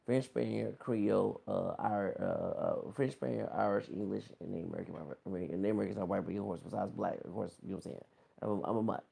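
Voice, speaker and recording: Gravelly-voiced man rambling gossip commentary. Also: on the low side, sing-song, quick pace, warm tone. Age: 30s. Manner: rambling, exclaiming, talks straight to viewers. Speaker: vlogger. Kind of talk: casual celebrity gossip commentary.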